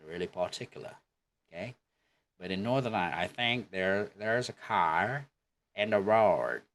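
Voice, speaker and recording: A man teaching an online English lesson, explaining deliberately and often checking in with "okay?". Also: fairly low pitch, lively intonation, fairly bright tone.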